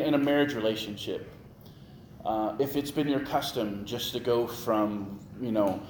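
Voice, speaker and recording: A man preaching a sermon in a conversational, joking style, quoting scripture and getting lively as he makes his points. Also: medium pitch, roomy sound, slight background noise. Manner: conversational, jokey, animated preaching. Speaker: pastor.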